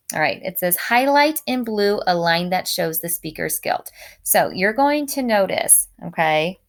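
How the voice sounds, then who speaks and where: A woman teacher walking students through a poem, reading its lines slowly and explaining them briskly. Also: on the low side, a bit bright. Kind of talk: recorded poetry lesson walkthrough.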